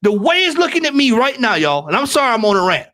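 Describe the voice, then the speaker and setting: A man rants about his football club, his voice high and swinging widely in pitch. He repeats himself for emphasis and often breaks into shouting. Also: big pitch swings, quick pace. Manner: ranting, repetitive, often shouting. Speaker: football podcast panelist. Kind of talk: heated fan rant on a live stream.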